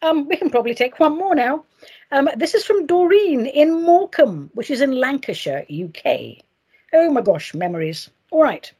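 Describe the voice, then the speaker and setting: A woman hosting her own podcast, chatting in a playful, theatrical way and gushing with excitement. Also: sits high, moderate pace. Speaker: podcast host.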